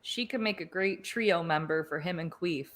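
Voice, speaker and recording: A woman's voice: on the low side, moderate pace, fairly bright tone. A woman co-hosting a casual TV review chat, blunt and playful, swearing freely. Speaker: podcast co-host.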